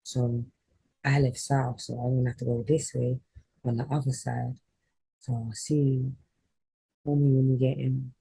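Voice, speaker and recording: Husky gravel-voiced woman. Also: extremely low pitch, level tone, measured pace, long pauses, warm tone, low-quality recording. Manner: rambling, heartfelt, with fillers. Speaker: spiritual reader and healer. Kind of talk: emotional personal storytelling vlog.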